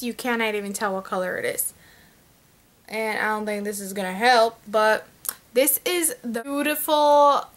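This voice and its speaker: A young woman chatting at home as a beauty vlogger, showing off her products in a rambling way full of fillers. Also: a little high. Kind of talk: casual chat, showing products.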